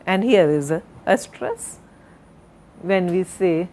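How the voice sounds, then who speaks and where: Slow, deliberate woman lecturer. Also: fairly low pitch, expressive, darkish tone. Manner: slow, deliberate, spells out and repeats words. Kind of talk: recorded university lecture.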